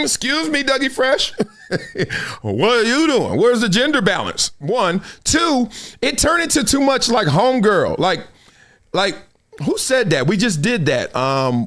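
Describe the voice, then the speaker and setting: A man hosting a live sports talk show, giving opinionated commentary in a slangy, animated manner and laughing often. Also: on the high side.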